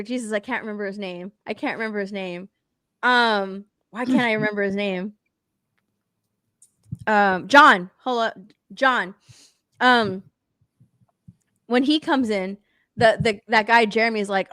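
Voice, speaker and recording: A woman co-hosting a casual pop culture podcast, ranting about TV shows in an animated way, swearing freely and laughing as she talks. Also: on the high side, a little slow, pauses often, clear, resonant tone, no room sound, clean studio sound. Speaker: podcast co-host.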